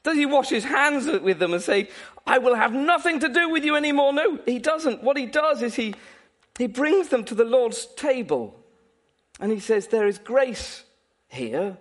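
A male preacher delivering a sermon. His voice sits high and swings widely in pitch. He is animated and playful and laughs often as he speaks. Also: normal speed.

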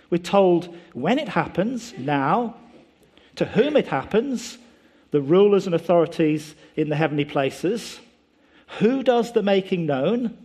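A man's voice: high voice, a little mellow, breathy edge. A man preaching a sermon, explaining scripture emphatically and posing rhetorical questions to his listeners.

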